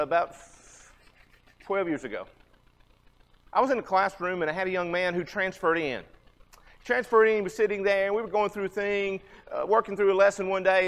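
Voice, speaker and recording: A man in his fifties teaches a church Bible class, high in pitch and conversational. He keeps asking his listeners questions. His voice rings on in a long hall echo. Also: a bit bright. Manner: conversational, asks the audience questions.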